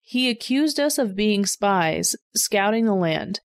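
A woman's voice: mid-range voice, animated, takes it slowly, dry recording, studio quality. A woman reading the lines of a group of worried adult brothers, in a plain read-aloud delivery. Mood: reporting.

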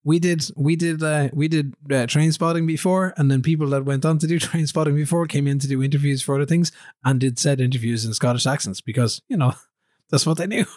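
A man co-hosting a podcast from home, chatting casually, rambling and teasing his co-host with quick laughs. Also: on the high side, fairly even intonation, darkish tone, no echo, studio quality. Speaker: podcast co-host playing a management game. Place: remote recording from home.

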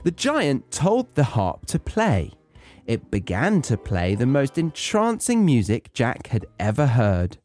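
British guy reading a kids story, cracking jokes, slow and lively, faint music under it. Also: mid-range voice. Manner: wry, joking asides. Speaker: podcast host. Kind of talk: story reading with comic commentary.

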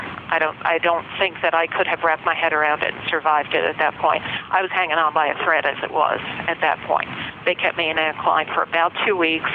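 A woman telling her own story in an interview, in a halting, emotional way with many restarts. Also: fairly low pitch, noisy background. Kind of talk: personal account in an interview. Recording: muffled audio under loud music.

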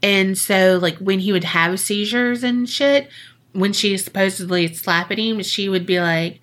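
A podcast host with a bright, forward, mid-range voice and lively intonation tells a creepy story at an unhurried pace. Her casual storytelling is loose, profane, and joking, with "like" sprinkled throughout.

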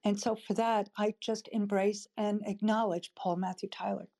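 Older woman, tearful and halting, mellow tone, heartfelt sharing. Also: mid-range voice, flat delivery, vocal fry. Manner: emotional, halting, warm-hearted. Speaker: audience member speaking up. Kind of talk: emotional personal sharing.

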